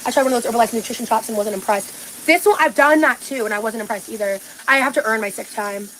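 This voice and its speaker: A woman's voice: on the high side, fast talker, fairly bright tone, a little hiss or hum, low-quality recording. A young woman livestreaming in casual chat, talking with valley-girl uptalk and lots of "like".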